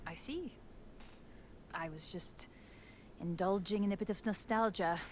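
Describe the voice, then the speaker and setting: An actress voicing a composed, intimidating older woman in a video game, speaking in a measured and softly menacing way. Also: mid-range voice, a little hiss or hum, close to an everyday voice. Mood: silky.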